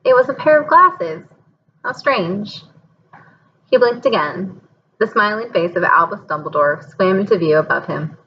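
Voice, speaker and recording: A woman reading a novel aloud in an expressive, dramatic way. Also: mid-range voice, unhurried, muffled recording, a little hiss or hum. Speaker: audiobook reader.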